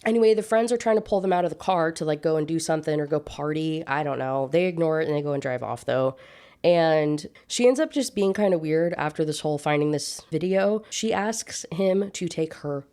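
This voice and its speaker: A woman's voice: sits low, brisk, mellow. A young woman reviewing a book in a casual rant, sarcastic and exasperated, swearing freely.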